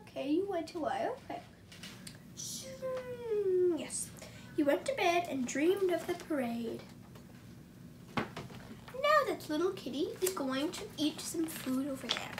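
A woman reads a children's picture book aloud, breaking between pages for chatty asides to her cat. Her high voice swings widely in pitch, she takes her time, and faint background noise can be heard.

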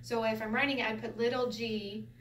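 A woman with a fairly high voice teaches a Bible Hebrew class in a relaxed way, laughing and asking her listeners questions as she goes. She is heard from some distance in a roomy space, with a faint hiss underneath. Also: fairly quick. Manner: lively, laughs often, explains with rhetorical questions. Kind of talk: informal Bible class lesson. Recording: roomy echo from a distance, faint background noise.

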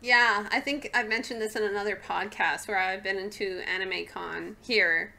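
A woman's voice: medium pitch, fairly even intonation, moderate pace, vocal fry, sharp tone. A young woman from Canada co-hosting a podcast, chatting casually, laughing often and trailing off mid-sentence. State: hiccuping. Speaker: podcast co-host. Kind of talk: casual chat.

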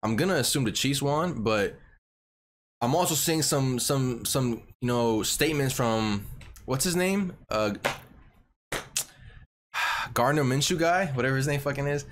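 Young male reaction host, mid-pitched, profane and slangy, rambles through football clips. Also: animated, a little slow, pauses often, a little hiss or hum. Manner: slangy and profane, says bro constantly; rambling with frequent restarts. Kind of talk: casual sports highlight reaction commentary.

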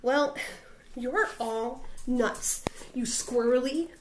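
A woman voicing a mean, bossy male prairie dog bully in a picture book read-aloud, loud and growling. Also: fairly high pitch, animated, measured pace, noisy background.

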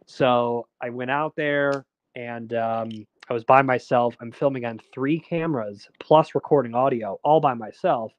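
A man's voice: medium pitch, unhurried, no room sound, dull audio. A man, a documentary filmmaker, chatting casually as a guest and rambling with lots of fillers and restarts. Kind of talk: casual interview chat.

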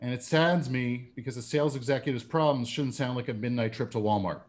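A man's voice: mid-range voice, fast. A man from Canada, a comedian and sales speaker, giving a conference talk with a polished, joke-telling delivery.

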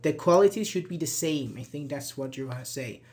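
A man's voice: a little high, lively intonation, a little fast, darkish tone. A man teaching English grammar in a live online class, explaining step by step, repeating examples and answering viewers' questions as they come in. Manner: repeats examples and checks understanding.

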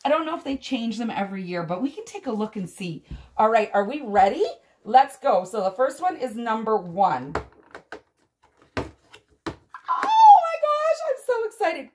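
A woman unboxing a doll advent calendar on a vlog, gushing and gasping with excitement as she talks straight to her viewers. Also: on the high side, normal speed, a little hiss or hum. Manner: gushing, excitable, frequent gasps and exclamations. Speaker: doll collector vlogger.

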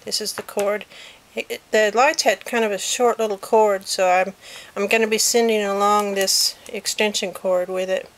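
With a mid-range voice, fairly even intonation and a moderate pace, a woman chats casually while filming a handmade miniature on a handheld digital camera. It's a show-and-tell vlog from a cluttered room at home, sprinkled with apologetic asides.

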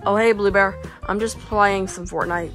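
A woman's voice: medium pitch, normal speed, faint music behind, natural voice. A woman voicing a raging animatronic gamer boy. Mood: excited gaming. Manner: excitable, then whispering hoarsely after losing voice. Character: male animatronic gamer who rages at losing.

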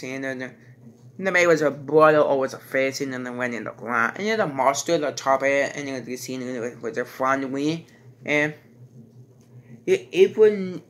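A man giving a casual, rambling movie review, halting and restarting his sentences and stringing thoughts together with "and then". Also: on the high side, bright, forceful tone.

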